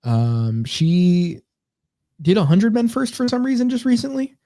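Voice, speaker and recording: A man's voice: sits high, sing-song, unhurried, warm tone, dry recording, studio quality. A man co-hosting a casual comedy podcast, rambling and sarcastic as he reads comments aloud. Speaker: podcast co-host.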